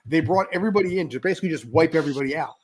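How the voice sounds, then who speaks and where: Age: 40s. Sex: man. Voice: husky, higher-pitched. Style: rambling casual chat. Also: expressive, racing. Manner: rambling, self-interrupting, sarcastic. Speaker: podcast co-host.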